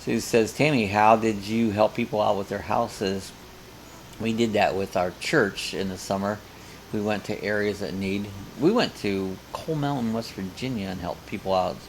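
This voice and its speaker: A man's voice: lowish voice, moderate pace, a little hiss or hum. An older man hosting a live coffee chat, casually reading viewer comments aloud and rambling between them.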